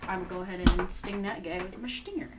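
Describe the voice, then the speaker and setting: A woman's voice: fairly low pitch, fast, heavy background noise. A woman playing a tabletop game, chatting and thinking aloud as she adds up her attack rolls. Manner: chatty, thinks aloud while adding dice. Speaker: player. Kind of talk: casual tabletop game play. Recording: clear music behind voice. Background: music.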